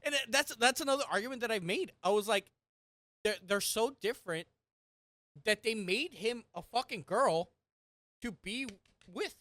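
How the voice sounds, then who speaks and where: A woman's voice: fairly high pitch, animated, normal speed, dry recording. Ranting, foul-mouthed young woman. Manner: ranting, swears a lot, bursts of loud exasperation. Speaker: podcast co-host. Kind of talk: casual chat.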